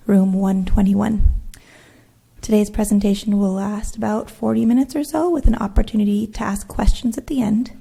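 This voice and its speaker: A woman with a hoarse, raspy voice, introducing a seminar speaker with measured, scripted announcements in a lecture room. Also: medium pitch, mellow.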